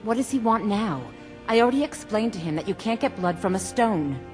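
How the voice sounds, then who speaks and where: A woman's voice: medium pitch, expressive, brisk, a little mellow, close to an everyday voice. A defiant, exasperated innkeeper woman, played by an actress, in a video game. Her voice sits in a middle range, and faint music plays in the background. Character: stubborn indebted female innkeeper. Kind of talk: video game character dialogue.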